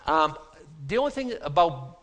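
A man's voice: a little high, sing-song, normal speed, fairly bright tone. A man with a Boston accent, a pastor preaching an informal, chatty sermon with self-deprecating asides. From Boston, USA. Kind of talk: conversational sermon. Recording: long hall reverb.

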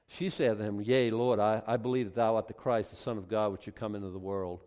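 A man preaching a sermon, reading scripture aloud and commenting on it, at times building to loud, emphatic passages. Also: fairly low pitch, fairly even intonation, fairly quick, few pauses, big-room sound.

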